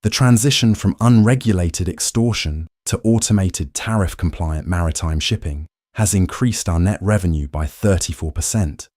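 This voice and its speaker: A man voicing a poised woman finance chief who speaks in a calm, clipped, controlled manner. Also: low-pitched, moderate pace, few pauses, dry recording, studio quality. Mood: confident.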